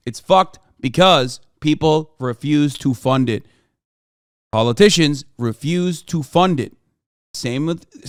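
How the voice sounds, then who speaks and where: Male streamer mid-rant: fired-up, swearing, crisp voice, slightly high, dry close mic. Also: a bit bright, dry recording. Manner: heated, profane, argumentative. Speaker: political streamer. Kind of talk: live-stream reaction rant.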